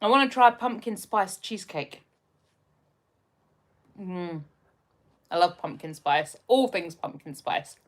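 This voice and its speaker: A woman's voice: fairly low pitch, animated, slow pace, long pauses. A woman with an English accent, hosting a casual livestream, chatting with viewers, laughing often and calling them her darling. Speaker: livestream host. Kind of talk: casual livestream chat reading comments.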